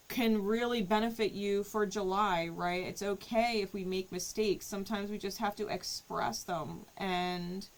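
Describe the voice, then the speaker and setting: Over a rough recording, a woman's medium-pitched, slightly bright voice can be heard. She's a tarot reader offering a relaxed spiritual reading, weaving in a story and frequently asking "right?" as she goes.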